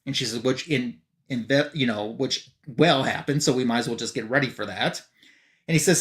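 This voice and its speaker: A man's voice: medium pitch, moderate pace. A man hosting a live comic book show, casually retelling a comic's story and loosely reading out the characters' lines, with fillers like "um" and "you know". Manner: relaxed, loosely reads out character dialogue with fillers. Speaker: comic book podcast host. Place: live stream.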